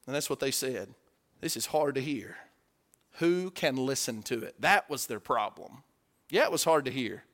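A man preaching a conversational sermon, asking his listeners questions and acting out quotes, dropping to hushed asides and rising to loud, emphatic peaks. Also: mid-range voice, lively intonation, moderate pace.

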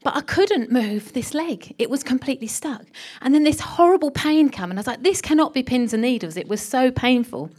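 A middle-aged woman preaching a sermon and telling a story with animated delivery, often dropping to a hushed whisper for emphasis. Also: sits high, moderate pace, breathy edge.

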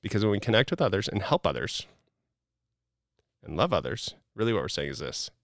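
A middle-aged man with a low voice and a gravelly rasp that creaks through his sentences. He talks as a podcast guest in a casual but preachy, motivational way, leaning on "like" as a filler. The sound is dry and close, with no room echo. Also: very animated, fairly quick, long pauses, a bit bright. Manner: earnest and preachy, many "like" fillers.

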